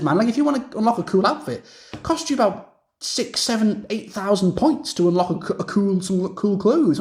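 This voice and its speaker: A man's voice: high voice, a little mellow. A young man rambling through a casual video game review rant, repeating himself and using lots of fillers.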